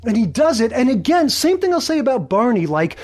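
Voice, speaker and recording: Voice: mid-range voice, sing-song, a little fast, darkish tone. A podcast co-host giving emphatic, opinionated commentary on sitcom episodes in casual chat.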